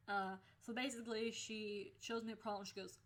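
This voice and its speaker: A woman's voice: fairly high pitch, steady tone, normal speed. A young woman vlogging, casually telling a story about her school days, swearing freely and laughing as she goes.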